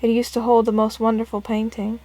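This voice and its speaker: A woman's voice: a little high, completely flat delivery, a little fast, dark tone, natural voice. A woman voicing a formal, courteous older male butler in a video game. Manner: courteous, stiff.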